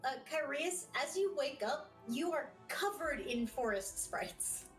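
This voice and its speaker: A woman's voice: high voice, lively intonation, unhurried, faint music behind. A woman narrating as game master of a tabletop game, describing scenes and restarting phrases as she goes. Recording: echoey room, distant from the mic.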